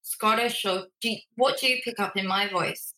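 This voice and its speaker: A woman's voice: mid-range voice, moderate pace, pushed and bright, reverberant, rough recording. An Australian woman, a guest in a casual remote interview, chatty and self-deprecating.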